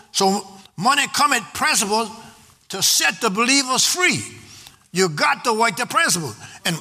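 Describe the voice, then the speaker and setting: A man preaching a sermon, prompting the congregation to answer back and reading scripture aloud in a slow, stressed cadence. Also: sits high, sharp tone. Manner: exhorting with call-and-response to the congregation. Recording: long hall reverb.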